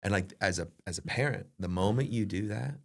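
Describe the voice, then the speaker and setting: Brief: middle-aged man, deep gravelly voice, earnest advice-giver in a relaxed leadership chat. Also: a little fast. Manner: earnest, advice-giving, acts out family dialogue. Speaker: podcast co-host.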